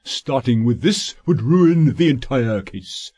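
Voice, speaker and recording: A man putting on a pompous, slow-talking solicitor. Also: mid-range voice, lively intonation, dark tone, husky. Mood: scheming. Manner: pompous, drawn-out, sanctimonious. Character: fat pompous scheming middle-aged male solicitor.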